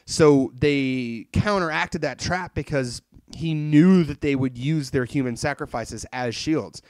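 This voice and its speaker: A man hosting a casual podcast, retelling an anime plot in an animated, rambling way and swearing freely. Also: on the high side, measured pace, no echo. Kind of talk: casual chat reviewing an anime.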